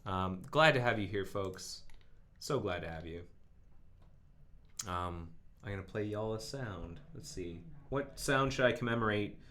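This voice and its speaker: A man with a lowish voice and a fairly bright tone hosts a live coding stream, animated but a little slow. He muses and narrates to himself as he works through the code, with frequent ums.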